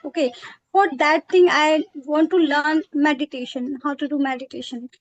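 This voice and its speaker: A woman's voice: sits high, fairly even intonation, moderate pace, no echo, muffled recording. A woman, chatting in a practice conversation and hesitating often with fillers and self-corrections. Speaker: English practice partner.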